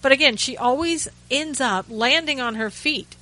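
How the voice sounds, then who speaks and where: A woman's voice: high voice, moderate pace, bright, forceful tone, no echo, rough recording. A woman hosting a talk radio show, giving chatty, sarcastic commentary with frequent asides and restarts. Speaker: radio host.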